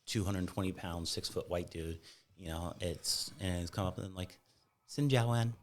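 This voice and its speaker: A man with a very low, deep voice tells stories in a loose, rambling way, often restarting his sentences. He is a falconer from Fresno, California, chatting on a casual podcast. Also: level tone, normal speed, slight background noise. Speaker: guest falconer.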